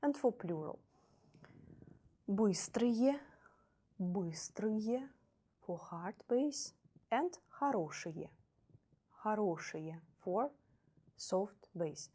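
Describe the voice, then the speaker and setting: Woman teacher explaining grammar real slow, says every example twice, warm mellow tone. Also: fairly low pitch, lively intonation, slightly rough. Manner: patient, repeats each word twice, occasional self-corrections. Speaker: Russian language teacher.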